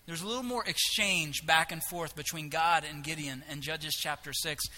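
A man preaching a sermon, animated and humorous, acting out biblical characters in quick asides. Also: fairly high pitch. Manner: animated, acts out voices of biblical figures with humor. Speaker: pastor.

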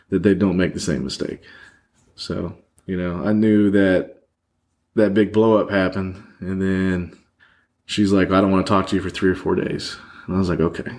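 A man's voice: low voice, a little mellow. A man as a podcast guest, telling a candid personal story in a rambling way with many fillers, sitting across a table from the host.

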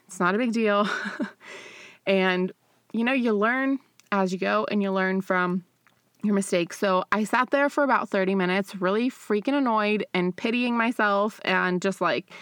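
A woman's voice: mid-range voice, fairly bright tone, dry recording, studio quality. A young woman hosting her own podcast, talking candidly and casually with frequent laughs and fillers. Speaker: podcast host. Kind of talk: casual solo podcast monologue.

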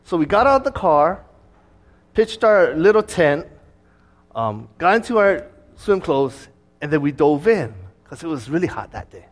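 A man preaching as a pastor, telling a personal story in a conversational, lively way. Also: fairly high pitch, unhurried. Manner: conversational storytelling, with fillers and restarts; lively, acting out his own past words.

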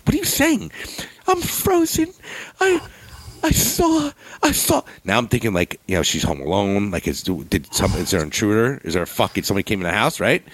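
Low-voiced jersey guy rambling thru a story, lots of swearing, voice jumps all over. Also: dry recording. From northern New Jersey. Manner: profane, rambling storytelling with acted-out quotes; swings high and loud when quoting others. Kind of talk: casual chat.

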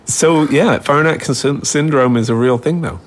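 A man co-hosting a chat podcast, chuckling often and explaining facts in a relaxed way. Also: medium pitch, moderate pace. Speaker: podcast co-host. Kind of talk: casual chat.

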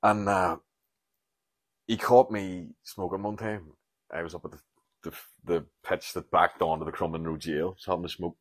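A man's voice: sits low, fairly even intonation, normal speed, no echo. A Northern Irish man around forty, hosting a podcast alone and rambling through stories, swearing and laughing often. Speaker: podcast host. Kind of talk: casual solo podcast rambling.

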